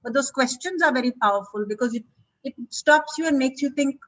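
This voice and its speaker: A woman's voice: high voice, expressive, brisk, a bit bright. A woman, an English teacher and author, giving an emphatic, confident lecture. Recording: dull, distant mic.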